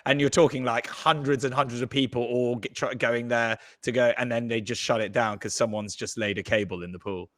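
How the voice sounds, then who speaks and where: A man's voice: mid-range voice, steady tone, fairly quick, hardly any pauses. A man hosting a rugby podcast, steering the chat and bantering with laughs. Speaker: podcast host. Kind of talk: casual chat.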